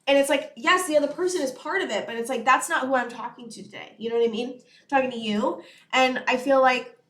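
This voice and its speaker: A young woman talks through a tarot reading in an earnest, rambling way, leaning on fillers as she speaks to her viewers. Her voice sits a little high, and the room around her is echoey. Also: brisk, fairly bright tone. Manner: earnest, rambling, many fillers like "you know" and "it's like". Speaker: tarot reader. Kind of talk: casual channeled tarot reading to camera.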